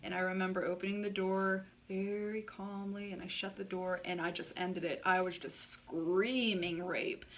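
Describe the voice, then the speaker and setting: A woman's voice: mid-range voice, level tone, normal speed, few pauses, distant mic, slight background noise. A woman vlogger telling a personal story in a blunt, candid way, swearing freely and saying "like" a lot. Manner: blunt and frank, swears freely, many filler likes.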